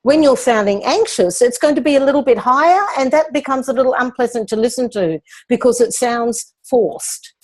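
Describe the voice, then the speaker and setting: A woman speaking coach explains her ideas in a calm, measured way. Her voice sits a little low and rounded. She teaches patiently, as in a question-and-answer session. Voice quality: lowish, resonant speaking voice.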